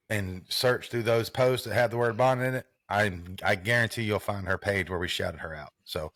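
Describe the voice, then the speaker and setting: A man's voice: fairly low pitch, a bit bright, no echo, clean studio sound. A man co-hosting a sports podcast, chatting loosely and casually with plenty of swearing. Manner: loose, profane, laid-back banter. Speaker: podcast co-host.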